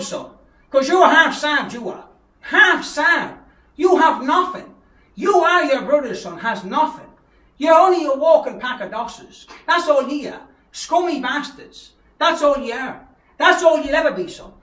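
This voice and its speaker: A man with an Irish Traveller accent, his very high voice swooping up and down as he rants. He taunts and insults over and over, with mocking laughs. He sounds roomy and set back from the mic. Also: a bit bright, distant mic. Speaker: vlogger issuing a challenge. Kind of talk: angry ranting callout video.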